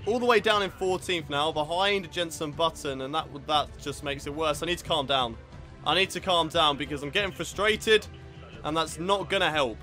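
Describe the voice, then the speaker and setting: High bright young man commentating. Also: moderate pace, soft background music. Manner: frustrated, swearing at the game. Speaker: gaming video host. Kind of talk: live racing game commentary.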